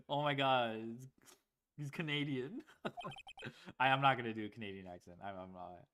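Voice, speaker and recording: A man's voice: mid-range voice, moderate pace, long pauses, slight background noise. A man giving casual, joking livestream commentary while speedrunning, laughing often. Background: loud game music.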